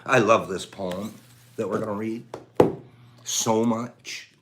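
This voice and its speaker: A man hosting a casual livestream, chatting playfully with viewers and reading their comments aloud, dropping to hushed whispers at times and breaking into loud laughter at others. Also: on the low side, fairly even intonation, slow pace, very noisy. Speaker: livestream host.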